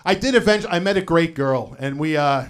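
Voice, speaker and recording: A middle-aged man on stage with a voice that sits a touch high for a man. He tells his stories casually, dropping "you know" between lines and delivering the punchlines flat and dry. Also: fast, clear, resonant tone. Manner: conversational storytelling with frequent "you know" asides. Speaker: stand-up comedian. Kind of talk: live stand-up set.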